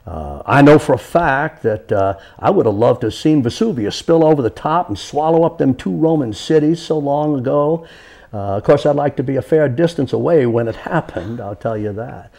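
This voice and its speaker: A man's voice: medium pitch, animated, creaky, darkish tone. Coswell Timms, a man doing a folksy Southern yarn-spinner. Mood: musing. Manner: homespun, unhurried rambling. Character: folksy old Southern country storyteller man.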